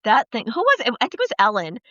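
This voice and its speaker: A woman hosting a podcast, telling profane, lively stories in casual chat and acting out the quoted lines. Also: fairly high pitch, fast talker, dry recording. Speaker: podcast host. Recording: dull, dry lo-fi podcast audio.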